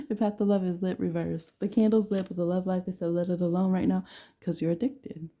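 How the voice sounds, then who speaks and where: A woman's voice: on the low side, fairly even intonation, a little fast, warm tone. A woman giving a casual tarot reading to camera with a blunt, playful way of talking. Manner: blunt, playful, laughs often. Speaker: tarot reader.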